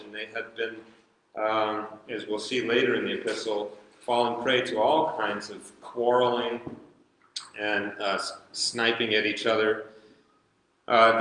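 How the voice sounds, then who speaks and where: A man's voice: medium pitch, sharp tone, a little hiss or hum. Man teaching in a very echoey hall. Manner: conversational, reads scripture aloud, chuckles now and then. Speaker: Bible study teacher. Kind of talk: verse-by-verse Bible teaching. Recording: very echoey hall with long reverb.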